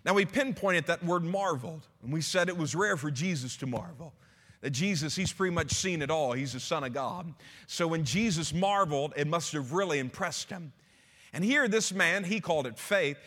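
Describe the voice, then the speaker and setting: A male pastor delivers a sermon, slowing down to read scripture and then talking it through in a plain, conversational way. His voice sits a touch high for a man, and the sound rings out with a long reverb, like a large hall. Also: expressive, fairly bright tone. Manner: reads scripture slowly, then explains in casual teaching tone.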